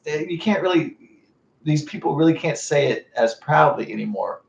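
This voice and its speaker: A young man rambling in a halting monologue, full of fillers and restarts. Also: fairly high pitch, animated, creaky. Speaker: vlogger. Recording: roomy, muffled, from a distance.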